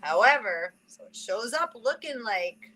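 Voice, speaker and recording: A woman hosting a casual spiritual reading, chatting and laughing between thoughts, swearing casually and slowing down to read card messages aloud. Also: on the high side, very animated, bright, forceful tone, rough recording. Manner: reads oracle card messages aloud slowly. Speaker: spiritual reader and channel host.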